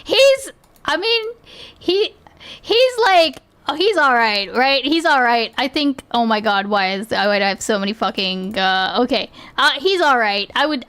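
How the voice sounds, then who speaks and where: A woman's voice: fairly high pitch, expressive, a little fast, a bit bright, smooth. A young woman streaming, chatting casually as she reacts to clips, laughing often and asking "okay?" a lot.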